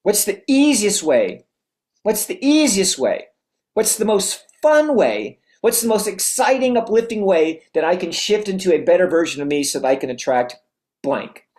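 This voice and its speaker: Energetic motivational coach asking rhetorical questions. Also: mid-range voice, normal speed. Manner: restarts phrases often. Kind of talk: motivational talk to a note-taking audience.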